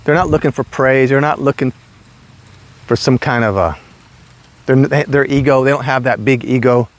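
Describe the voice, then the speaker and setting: A man in his sixties telling casual, rambling stories about his past work, getting animated as he goes. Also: moderate pace. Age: 60s. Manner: animated, rambling, jumps high when quoting himself. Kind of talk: casual storytelling.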